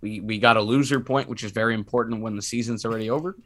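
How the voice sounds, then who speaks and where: A man's voice: medium pitch, fairly even intonation, racing, fairly bright tone. A man who is sick, co-hosting a sports podcast in casual chat, rambling and self-mocking with many restarts. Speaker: podcast co-host.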